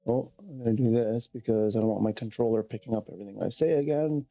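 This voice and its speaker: Gravelly man rambling on a game stream. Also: mid-range voice, fast, warm tone, highs cut off. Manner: rambling, thinking aloud, self-correcting. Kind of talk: casual live-stream chat.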